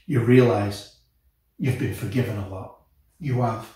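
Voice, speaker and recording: A man preaching a sermon as senior pastor, earnest and impassioned, with soft guitar music behind him. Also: fairly low pitch, measured pace. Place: church auditorium. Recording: echoey church hall, mic at a distance.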